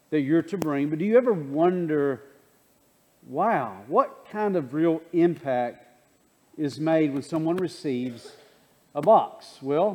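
A pastor with a mellow, somewhat high male voice opens the service segment with rhetorical questions to his congregation. Long church reverb follows each sentence. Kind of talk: sermon introduction. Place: church sanctuary.

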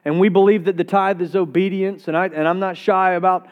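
A male pastor preaching a sermon with energy, repeating words as he gets excited. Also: high voice, brisk, lo-fi sound.

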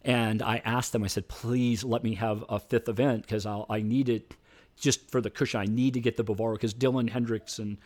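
A man's voice: lowish voice, fairly quick. A middle-aged man, a debate coach, telling stories in an interview and acting out the voices of people in them. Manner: animated storyteller, acts out voices. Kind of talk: storytelling interview.

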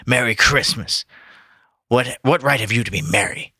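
A man doing Scrooge, a gruff old miser. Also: medium pitch, moderate pace, bright, forceful tone, dry recording, clean studio sound. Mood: scornful.

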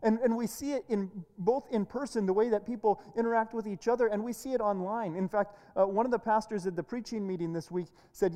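Brief: earnest woman preacher with a warm, relaxed tone, given to restarts, heard in a reverberant hall. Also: medium pitch, brisk, hardly any pauses. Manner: earnest, with frequent word repeats and restarts. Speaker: pastor. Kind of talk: sermon.

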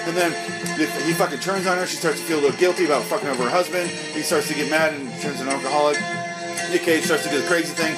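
A man's voice: on the high side, low-quality recording. A man giving an angry, profane, unscripted movie review, ranting with exasperation and mocking the characters.

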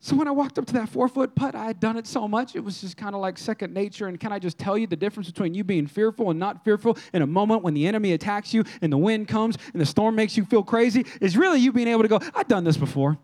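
A man preaching a sermon as pastor, in a lively, conversational style that acts out quotes from people. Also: high-pitched, fast talker, hardly any pauses.

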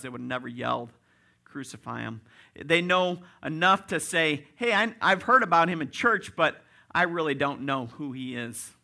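Bright-voiced pastor preaching emphatically. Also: male voice, fairly high pitch. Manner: rising to loud emphatic peaks; direct, addresses congregation as folks. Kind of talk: sermon.

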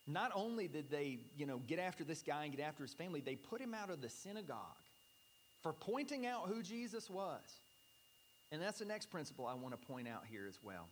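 A man's voice: a little high, big pitch swings, fairly quick, a little hiss or hum, poor audio. A male pastor preaching a sermon in a conversational way, reading scripture aloud and coughing now and then.

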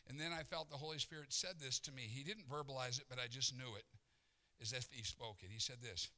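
Gravelly, bright-voiced man preaching. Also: medium pitch, brisk. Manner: animated storyteller, acts out exasperation. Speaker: pastor. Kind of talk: sermon storytelling.

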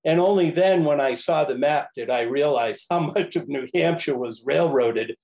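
Animated man telling a rambling story. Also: fairly high pitch, normal speed, poor audio. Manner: animated, rambling, self-correcting with frequent chuckles. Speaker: podcast guest, railroad history enthusiast. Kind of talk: casual anecdotal storytelling.

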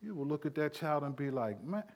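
A middle-aged male pastor preaching a sermon, animated, acting out everyday dialogue as he teaches. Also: a little high, brisk.

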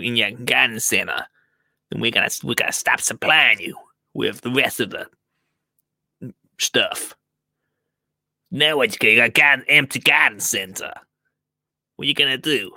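A man's voice: medium pitch, moderate pace, gravelly, long pauses, bright, forceful tone, no room sound. A man putting on the voice of a swaggering mafia heavy with a tough, hectoring street manner. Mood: menacing.

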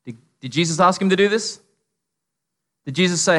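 A man with an Australian accent and a high-pitched, fairly bright voice preaches at normal speed. His conversational sermon is casual and humorous, full of stories and asides, recorded with the long reverb of a large hall.

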